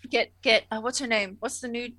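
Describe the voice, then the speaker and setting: A woman chatting casually about a TV episode, animated and swearing freely. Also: fairly high pitch, fairly quick, no room sound. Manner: animated, swears freely, acts out characters in quotes. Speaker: podcast co-host. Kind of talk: casual chat recapping a TV episode.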